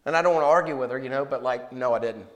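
A man preaching a sermon, swinging from loud declarations to hushed asides and telling stories with rhetorical questions. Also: medium pitch, rapid-fire, long reverb tail.

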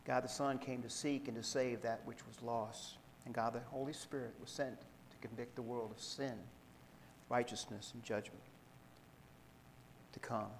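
A man preaching a sermon, reading scripture aloud in a measured way and explaining it to the congregation. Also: mid-range voice, fairly even intonation, big-room sound, slight background noise, rough recording. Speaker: pastor.

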